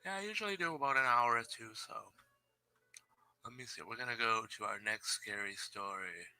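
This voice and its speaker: A man's voice: mid-range voice, moderate pace, bright, forceful tone, smooth. A man hosting a live stream, chatting loosely and reading scary stories aloud into a headset mic, joking at his own expense. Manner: loose, chatty and self-deprecating, laughs often. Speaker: live show host.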